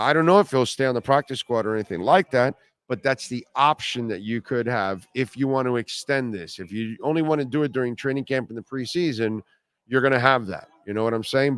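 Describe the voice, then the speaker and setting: A middle-aged man hosting a sports talk radio show, talking casually, bluntly and rambling, often repeating himself. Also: medium pitch.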